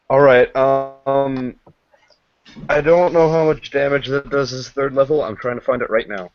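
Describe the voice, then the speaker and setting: A man's voice: mid-range voice, fairly even intonation, unhurried, pauses often, dry recording. A man playing a tabletop game, hesitant and full of fillers as he counts dice aloud. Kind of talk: casual game chat. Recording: muffled lo-fi recording with clicking.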